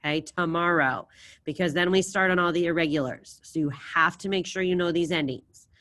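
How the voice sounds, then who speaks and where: A woman with a fairly low voice teaches a class online, speaking into a computer mic. She encourages her students and drills verb endings aloud with them, plain and patient. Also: brisk, fairly bright tone. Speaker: Spanish teacher.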